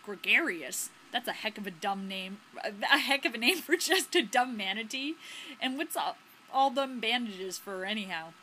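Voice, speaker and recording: Woman doing a gruff old fisherman, blunt, folksy sailor talk, lively pitch. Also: normal speed, a little hiss or hum.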